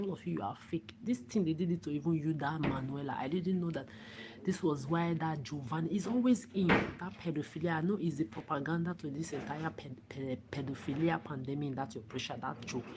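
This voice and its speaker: Low-voiced woman ranting angrily. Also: background noise. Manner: profane, repetitive, confrontational. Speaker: livestreamer. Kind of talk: angry livestream rant.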